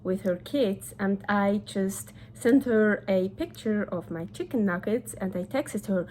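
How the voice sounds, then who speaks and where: A woman's voice: mid-range voice, measured pace, a little mellow, slight background noise. A woman hosting a casual cooking vlog, chatty and enthusiastic as she thinks aloud. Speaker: cooking channel host.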